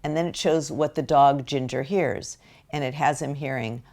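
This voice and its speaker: An older American woman giving a parenting lecture, speaking slowly and deliberately, with brief acted-out quotes of parents. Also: very deep voice, steady tone, a little mellow. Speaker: parenting educator.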